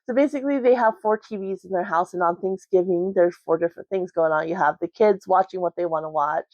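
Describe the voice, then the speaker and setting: A woman's voice: fairly low pitch, fast, darkish tone, no echo. A woman vlogger chatting casually about a book at home, rambling with lots of "like" and "um". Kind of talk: casual book review chat. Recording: dry, slightly muffled recording.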